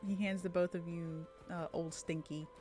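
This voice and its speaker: A woman's voice: lowish voice, fairly even intonation, normal speed, over music. A woman running a tabletop game as game master, narrating with lots of fillers and frequent giggles. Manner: hesitant, giggly, many fillers.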